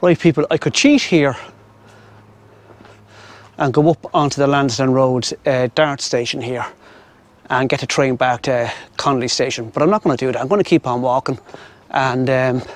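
Outdoors on an urban riverside path, a middle-aged Irish vlogger chats and rambles about his walk to viewers and birds alike. His mid-range voice moves at a moderate pace, picked up by a wireless clip-on mic.

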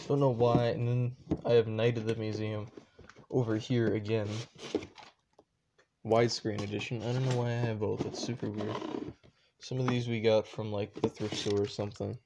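A man's voice: fairly low pitch, gravelly, background noise. A young man casually talking through his shelves at home in a rambling, unsure way, full of offhand asides. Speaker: vlogger.

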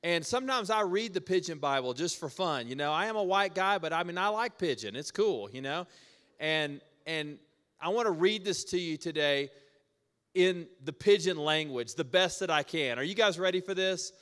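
A man preaching a conversational sermon in a church, energetic and asking the congregation questions. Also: a little high, normal speed, smooth. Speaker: pastor. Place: church auditorium. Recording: echoey church hall.

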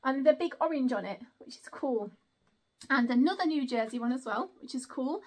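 A woman's voice: sits high, expressive, normal speed. A woman, chatting through an unboxing and exclaiming often. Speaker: vlogger. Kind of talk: casual unboxing chat.

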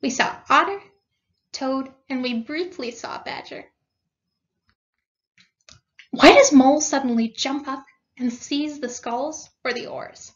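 A woman's voice: high-pitched, slow pace, long pauses. A woman teacher reading a storybook aloud to her class and explaining it with questions. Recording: dull lo-fi recording.

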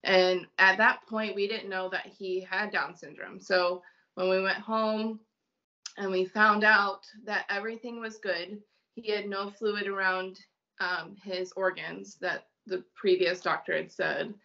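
A woman from Illinois, a mother and podcast guest, telling a personal story slowly and haltingly with many ums. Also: medium pitch, fairly even intonation, pushed and bright, dull audio.

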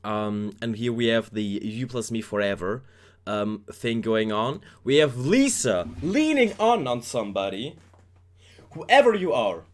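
A man's voice: medium pitch, animated, a little slow. A man giving casual reaction commentary, rambling and joking as he talks straight to his viewers. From Germany. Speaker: K-pop reaction YouTuber.

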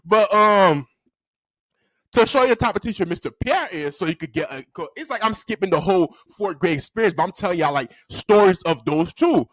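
Animated young man telling a story. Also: sits high, fairly quick, no echo. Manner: animated and slangy, laughs often. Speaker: storytime vlogger. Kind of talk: casual storytelling. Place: indoor room at a desk.

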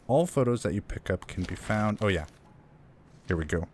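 A man's voice: lowish voice, animated, moderate pace, pauses often, a little mellow, slightly rough. A man casually commenting on a horror game he is playing, joking and reading in-game notes aloud. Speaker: let's play gamer. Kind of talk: gameplay commentary.

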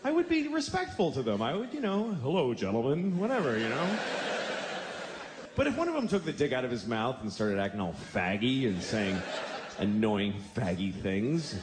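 A man's voice: mid-range voice, very animated, normal speed, reverberant, noisy background. A man doing a crude, rambling stand-up comedy routine with a mock-offended edge. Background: loud crowd laughing.

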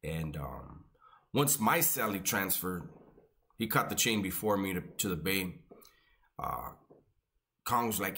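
Man, joking storyteller, low voice, animated. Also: a little slow, pauses often. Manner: profane, laid-back, joking. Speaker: storyteller recalling his prison years. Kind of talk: casual storytelling.

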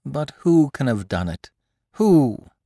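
A man voicing an eager, excitable young amateur sleuth who presses with urgent questions in an audiobook. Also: mid-range voice, takes it slowly, gravelly, dry recording, clean studio sound, pitched above the performer's own voice, exaggerated voice. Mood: agitated.

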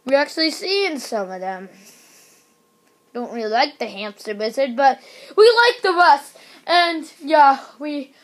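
A woman's voice: high-pitched, expressive, a little slow. A woman voicing a group of laid-back cowboys in a toy storytime, speaking in an offhand, teasing way.

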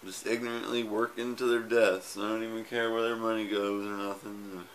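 Low-pitched and a bit bright, the voice moves at a moderate pace with flat delivery. It belongs to a husband filming a tearful, rambling, tender farewell to his wife on his own camera, complete with fillers, swearing and slight background noise.

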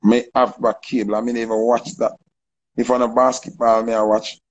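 A Jamaican man telling a story in casual, animated patois, acting out the people he quotes. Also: mid-range voice, normal speed, highs cut off. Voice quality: gravelly, husky.

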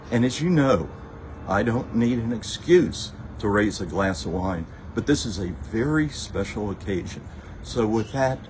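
A man delivers a measured, fatherly video message of congratulations. His voice sits fairly low, with light background noise behind it. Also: rough recording.

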